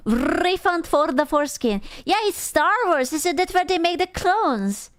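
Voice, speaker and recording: A woman's voice: very high-pitched, expressive, a little slow. A young woman from Hungary with a Hungarian accent, a streamer chatting casually with viewers, teasing, rambling and swearing freely.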